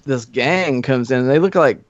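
A man guesting on a podcast spins rowdy road stories in a loose, profane way, slipping into quick impressions of the people in them. His voice sits at an ordinary pitch. The sound is dull and muffled, dry and close. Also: no room sound. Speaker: guest musician. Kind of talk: casual storytelling chat.

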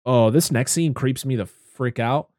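A man's voice: mid-range voice, unhurried, a little mellow, no echo, studio quality. A man co-hosting a casual movie commentary podcast, retelling scenes with acted-out quotes and laughter. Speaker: podcast co-host.

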